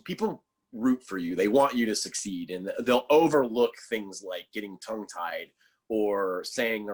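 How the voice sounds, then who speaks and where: A man talking as a guest on a casual podcast, telling stories loosely with lots of fillers and a sarcastic sense of humor. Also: mid-range voice. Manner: loose storytelling full of fillers.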